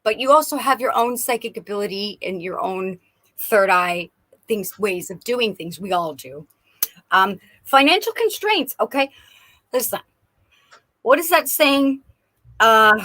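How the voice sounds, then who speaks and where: An effusive woman gives a psychic reading on a live stream. Her voice is bright and high, and it leaps around her range with excitement. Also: measured pace. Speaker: psychic reader.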